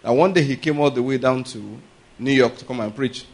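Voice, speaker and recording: A male preacher talks through his sermon in a loose, conversational way. He keeps checking whether the congregation is following, drifting into stories and chuckling along the way. His voice sits at an ordinary middle pitch. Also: brisk, vocal fry. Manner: checks in with "are you getting my point?" and "all right?"; chuckles and rambles into anecdotes.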